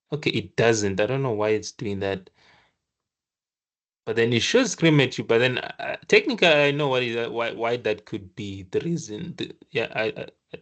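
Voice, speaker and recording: A man teaching a programming lesson while sharing his screen, speaking casually with frequent restarts and lively acted-out asides. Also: medium pitch. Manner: casual and animated, acts out the computer scolding in quick asides; halting restarts while thinking aloud. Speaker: programming tutor. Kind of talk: screen-share coding lesson.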